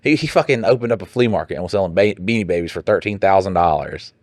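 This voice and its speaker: Low-voiced joking man, dry mic. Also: fast talker, no room sound. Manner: animated, joking, breaks into laughter, jumps up in pitch for mock voices. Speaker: podcast co-host reading listener posts. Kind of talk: casual profane banter.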